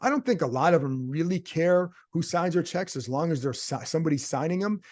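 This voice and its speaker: Guy reporter thinking out loud on his podcast, lots of "can he? i don't know" questions, voice sits a bit high. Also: lively intonation, brisk. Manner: conversational, thinks aloud with rhetorical questions. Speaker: sports reporter and podcast host. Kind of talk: casual solo commentary.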